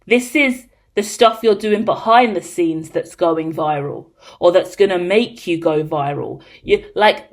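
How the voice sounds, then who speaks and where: A woman giving a collective tarot reading, talking in an excitable, rambling, cheeky way. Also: lowish voice, unhurried, hardly any pauses. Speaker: tarot reader.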